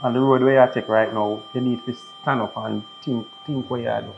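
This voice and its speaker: A man's voice: medium pitch, steady tone, brisk, gravelly, background noise, lightly acted. A man with a Jamaican accent playing a worried father who earnestly pleads with his daughter and repeats himself as he begs. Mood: pleading. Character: worried father, middle-aged, stern and loving. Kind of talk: improvised family drama skit. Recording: slightly dull lo-fi sound.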